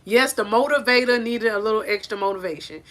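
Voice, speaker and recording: Woman coach, preachy and emphatic, bright voice, higher pitch, phone mic, porch. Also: a little fast. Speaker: life coach. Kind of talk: motivational talk to camera. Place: on a porch outdoors. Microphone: phone held in hand.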